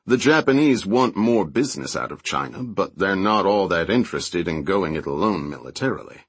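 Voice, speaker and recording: A man voicing a level-headed male adventurer who explains things in a measured way, in an audiobook reading. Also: sits low, lively intonation, slightly rough, dry recording, heavily acted. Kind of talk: audiobook character voice.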